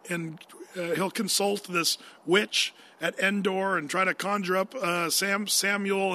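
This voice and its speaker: A man preaching. He reads scripture and talks through it in a lively, conversational way, asking his listeners questions. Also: high voice. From United States. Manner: animated, conversational, asks the audience questions. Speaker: pastor. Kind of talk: sermon with scripture reading.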